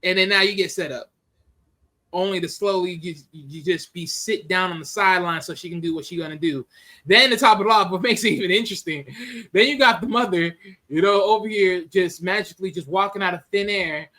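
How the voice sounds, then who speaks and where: A man giving a casual, animated movie review. He laughs often and acts out scenes in different voices. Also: high voice, a little fast.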